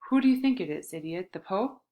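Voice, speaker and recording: A woman's voice: mid-range voice, expressive, fairly quick, dark tone, close to an everyday voice. A woman reading an audiobook, voicing a bossy, mocking old grandfather who speaks as a ghostly voice. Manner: gruff, mocking, bossy coaching. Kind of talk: audiobook character voice.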